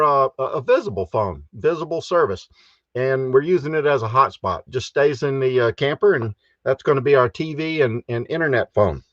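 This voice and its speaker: A man's voice: mid-range voice, a bit bright, no room sound, highs cut off. A man hosting a casual live stream from his camper, chatting and chuckling as he reads out viewer comments. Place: inside a camper.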